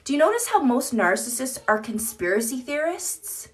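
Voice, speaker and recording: A woman's voice: high voice, big pitch swings, moderate pace. A woman chatting candidly on a live stream into her phone, rambling and swearing casually as she reads comments.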